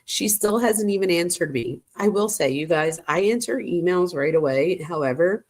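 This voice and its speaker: A woman with a somewhat low voice hosts a true crime channel. She talks casually and often turns to her viewers with quick side comments while reading text messages aloud. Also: lively intonation, a little mellow. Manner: chatty, addresses viewers as "you guys" with frequent asides.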